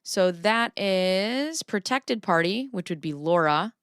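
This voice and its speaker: A woman's voice: mid-range voice, lively intonation, slow pace, a bit bright, clean tone, dry recording, studio quality. A middle-aged woman hosting a casual livestream. She talks playfully, laughs often, chats with her viewers and reads court filings aloud. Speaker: livestream host.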